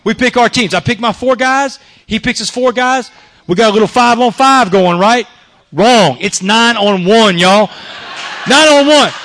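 A man's voice: extremely high pitch, moderate pace, a bit bright. A man from Texas with a Southern accent telling his life story to an audience, emphatic, tossing in "man" and "y'all". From Texas, USA.

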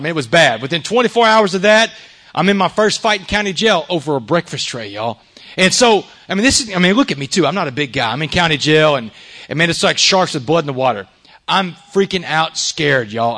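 Fast-talking man with a high voice. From Texas. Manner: earnest, swings from loud emphasis to hushed confession. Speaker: recovery speaker. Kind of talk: personal testimony to a live audience.

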